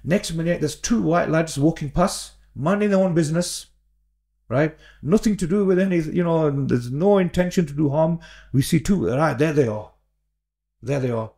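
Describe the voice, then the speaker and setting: An earnest man talks through a podcast conversation, circling back and repeating himself as he builds his point. His voice carries a gravelly, fried edge, and the tone sits dark and mellow. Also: a little high, moderate pace. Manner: earnest, repeats words, many fillers and restarts. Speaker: podcast guest, imam.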